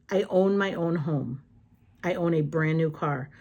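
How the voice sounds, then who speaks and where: A woman's voice: lowish voice, normal speed. A woman vlogger telling candid, blunt stories in a casual chat while she does crafts.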